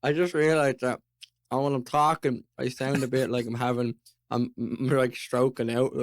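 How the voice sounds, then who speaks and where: An Irish man co-hosting a podcast, talking in an animated, ranting way while chewing toffee. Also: medium pitch, dry recording, clean studio sound. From Ireland. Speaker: podcast co-host. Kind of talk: casual chat.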